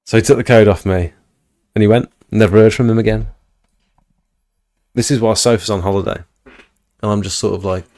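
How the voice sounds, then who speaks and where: This man is streaming live from his home, spinning a loose, talkative story for the people in his chat. He speaks in a lowish, slightly mellow voice.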